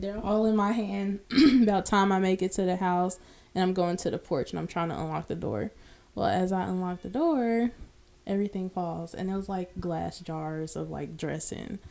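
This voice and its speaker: A young woman chatting on a podcast, telling a personal story in a casual, animated way. She voices the other people in it as she goes. Her voice sits at a middle pitch. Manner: animated storyteller, acts out quoted dialogue. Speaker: podcast guest.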